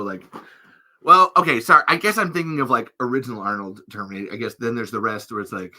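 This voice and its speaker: A man's voice: mid-range voice, fast talker, sharp tone. A man hosting a podcast in casual, rambling chat, laughing often and jumping between tangents. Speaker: podcast host.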